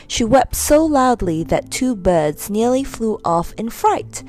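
A woman reading a children's storybook aloud as storyteller, expressive and animated. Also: a little high, takes it slowly, soft background music.

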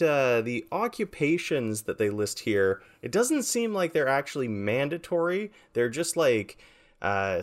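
A man co-hosts a casual podcast in a mid-pitched, everyday voice. He talks in a relaxed way, explaining game rules as he reads them from a book. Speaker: podcast co-host.

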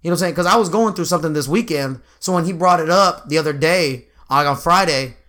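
A man's voice: fairly high pitch, fast talker, pushed and bright. A young man co-hosting a casual podcast, telling profane, slangy stories full of quoted asides. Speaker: podcast co-host. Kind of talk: casual chat.

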